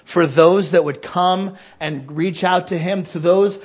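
A man preaching a sermon as pastor in a church, candid and self-deprecating, swinging from quiet confiding to loud impassioned preaching. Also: high voice, steady tone, a little slow, slightly rough, highs cut off. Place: church sanctuary.

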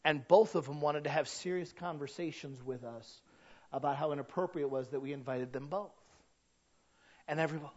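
A man preaching a sermon as a pastor, swinging from quiet storytelling to loud shouted points, with humor. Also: a little high, a little fast. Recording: dull lo-fi sound.

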